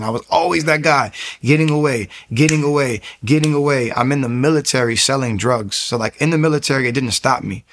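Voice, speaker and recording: A man in his thirties giving a personal faith testimony, talking fast, restarting phrases and growing louder and higher at emotional peaks. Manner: fast, rambling storytelling with frequent restarts.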